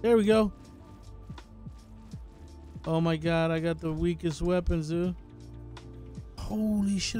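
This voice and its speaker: A man chatting casually on a gaming live stream, excitable, swearing and calling everyone "dude". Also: fairly high pitch, slow, pauses often, faint music behind.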